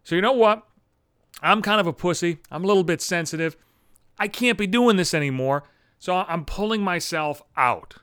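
A man's voice: sits high, normal speed, a bit bright, smooth, dry recording, studio quality. Profane ranting man in his thirties. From Buffalo area, USA. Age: 30s. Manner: profane, exasperated, sarcastic ranting. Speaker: podcast host. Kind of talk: casual comedic monologue.

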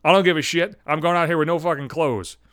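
A man's voice: a little high, fast talker, fairly bright tone, dry recording, clean studio sound, natural voice. A man voicing an imagined brazen woman, naked in a parking lot, talking crudely and shamelessly in a raised voice.

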